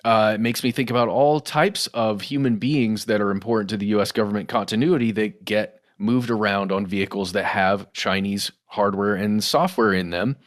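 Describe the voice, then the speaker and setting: Middle-aged guy co-hosting a podcast, lowish voice, chatty, keeps saying guys and y'all. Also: steady tone, moderate pace, few pauses. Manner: conversational, addresses listeners as guys and y'all. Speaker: podcast co-host. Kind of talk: casual news discussion.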